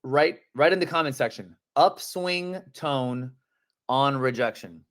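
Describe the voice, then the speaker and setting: A man coaching real estate agents on a live-streamed sales training, talking in energetic, casual slang and acting out phone calls. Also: mid-range voice, measured pace.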